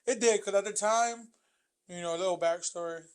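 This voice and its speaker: A young woman co-hosting a podcast in casual chat, with quick blunt reactions and jokes. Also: medium pitch, darkish tone. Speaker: podcast co-host.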